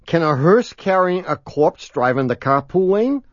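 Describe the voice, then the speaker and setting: A man with a high, very lively voice co-hosts a radio show, teasing and breaking into laughter all the time. The sound is dry and a little dull. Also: unhurried, no room sound. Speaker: radio co-host. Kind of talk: joking radio banter.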